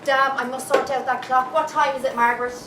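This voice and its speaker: A woman's voice: sits high, little pitch movement, a little fast, close to an everyday voice. An Irish woman acting a fretful woman preparing food for a wake, fussing and talking to herself, in an amateur stage comedy. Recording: echoey hall, distant mic, noisy.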